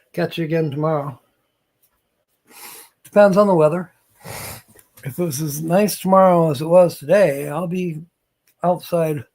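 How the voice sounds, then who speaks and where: Slow-talking man chatting on a live stream. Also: fairly high pitch, a little mellow. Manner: slow, rambling, chuckles between lines. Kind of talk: casual live-stream chat with viewers.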